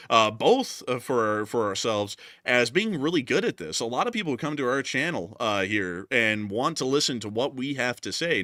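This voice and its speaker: A man's voice: medium pitch, pushed and bright, no echo, clean studio sound. A man in his early twenties co-hosting a news livestream, earnestly thanking viewers with frequent fillers. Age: 20s. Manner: earnest, repetitive thank-yous, lots of fillers. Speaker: news channel co-host. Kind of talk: livestream chat, reading super chats.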